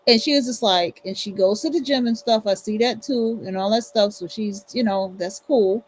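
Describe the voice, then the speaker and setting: This woman, a livestream host, speaks at medium pitch and a moderate pace. She rants bluntly and profanely in casual commentary, repeating herself for emphasis, and the recording is rough.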